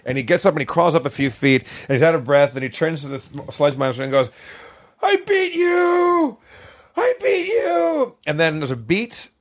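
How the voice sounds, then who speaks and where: A man casually telling a long funny anecdote on a podcast, laughing often and bursting into loud impressions. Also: mid-range voice, quick pace, few pauses. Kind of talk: casual podcast chat, storytelling.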